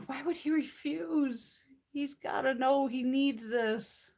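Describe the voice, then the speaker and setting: A woman's voice: high-pitched, slow, few pauses, darkish tone. A woman in her fifties hosting a casual beauty livestream, ranting bluntly and profanely and acting out other people's lines. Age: 50s. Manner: acts out others' lines in quoted voices.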